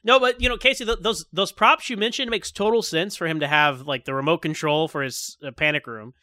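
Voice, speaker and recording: A man's voice: a little high, no echo, studio quality. A man hosting a podcast, chatting casually and laughing often. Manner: animated, fast, laughs often. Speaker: podcast host. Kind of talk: casual chat.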